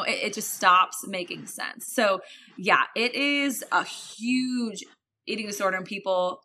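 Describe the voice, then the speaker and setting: Animated young woman, bright voice. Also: mid-range voice, a little hiss or hum. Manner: animated, acts out her past self in quoted asides, swears casually. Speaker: podcast guest. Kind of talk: casual interview chat.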